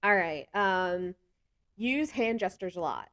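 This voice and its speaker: Animated, laughing woman vlogger. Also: on the low side, slow pace, dry recording. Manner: animated, laughs often between remarks; talks with hands a lot. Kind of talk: casual chat to camera.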